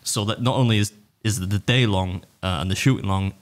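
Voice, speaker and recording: Fast-talking English man, low voice. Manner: rambling, self-interrupting storyteller. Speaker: podcast co-host and video creator. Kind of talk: casual podcast chat.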